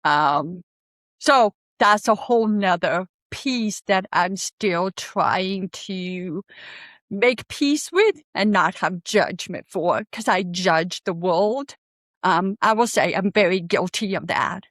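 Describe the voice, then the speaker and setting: Woman guest, mid-pitched, candid and earnest, dry close sound. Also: animated, slow pace, fairly bright tone, dry recording. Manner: earnest, candid, laughs easily. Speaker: podcast guest, forest bathing guide. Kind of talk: casual interview talk.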